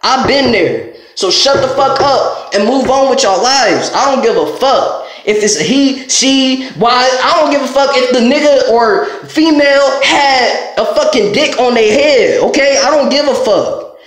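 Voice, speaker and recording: A very high-pitched man goes off in a blunt, profanity-laced rant straight to camera. His voice bounces around a strongly echoing room. He sounds confrontational and fed up, and he speaks his mind without holding anything back. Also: a little slow, fairly bright tone. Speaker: vlogger. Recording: very echoey room.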